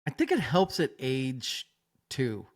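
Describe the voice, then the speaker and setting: Podcast host, lively, jokey, quick to laugh. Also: medium pitch. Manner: animated, jokey, laughs often. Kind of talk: casual chat.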